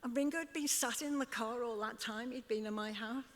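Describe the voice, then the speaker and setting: Her voice a little high and fairly quick, an older woman with a Liverpool accent recounts stories as a guest being interviewed on a club stage in front of an audience. She often breaks into laughter as she acts out what others said, all heard through long hall reverb.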